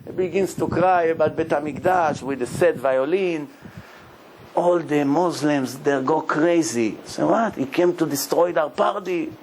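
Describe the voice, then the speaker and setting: A rabbi preaches and tells stories, acting out each person in them and laughing as he goes. His voice is gravelly and sits a little high for a man. Faint noise hums behind him. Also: measured pace, low-quality recording. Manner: animated storyteller, acts out the people in his stories, laughs often. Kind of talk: sermon storytelling.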